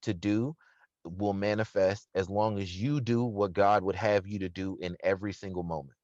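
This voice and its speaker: A man's voice: lowish voice, normal speed, no echo. Man, earnest reflective interview guest, dull dry recording. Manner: earnest, reflective, with bursts of animated laughter. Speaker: restaurant owner, interview guest. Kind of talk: casual conversational interview. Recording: slightly dull, dry sound.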